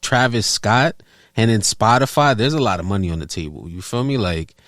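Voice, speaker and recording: A man's voice: lowish voice, normal speed, a bit bright, no echo, studio quality. A man from New York City with a New York accent, co-hosting a podcast in casual chat and acting out little quoted bits. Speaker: podcast co-host.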